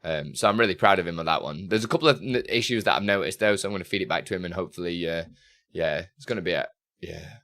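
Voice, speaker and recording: A man's voice: deep voice, quick pace, bright, forceful tone. A man live-streaming in casual chat, talking through what he does on screen and muttering to himself. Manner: chatty, self-narrating, muttering to himself, bursts of laughter.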